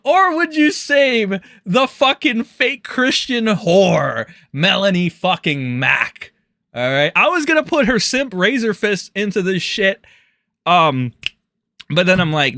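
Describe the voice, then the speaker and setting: Guy streamer ranting and roasting ppl, swears a lot, kinda high voice, dry close sound. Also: big pitch swings, slow pace, bright, forceful tone, no room sound. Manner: mocking and crude, with frequent laughter and swearing. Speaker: streamer commentator. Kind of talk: profane live-stream commentary.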